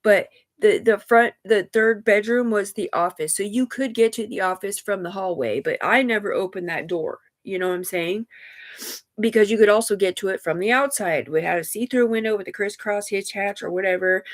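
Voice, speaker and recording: A woman's voice: mid-range voice, normal speed. A woman livestreaming, telling a personal story in a rambling, profane way that often turns emotional.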